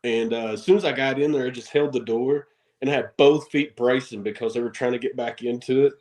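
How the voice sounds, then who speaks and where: A man, a wrestler guest on a podcast, telling stories in an animated way, acting out quotes and laughing often. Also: medium pitch, a little fast, low-quality recording. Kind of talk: casual storytelling interview.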